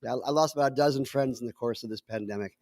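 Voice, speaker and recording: A man co-hosting a casual chat show as the resident scientist, explaining things wryly with halting fillers. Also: mid-range voice, a little mellow, no room sound. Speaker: scientist co-host.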